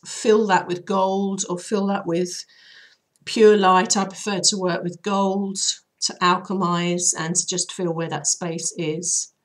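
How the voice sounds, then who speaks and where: A woman with a lowish, hoarse voice talks her listeners through a healing method. She speaks in a loose, rambling, friendly way, full of fillers and restarts. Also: level tone, slow pace. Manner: chatty, rambling, loose guiding talk with fillers. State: voice hoarse and troubled. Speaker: healer and channel host. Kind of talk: casual spoken guidance.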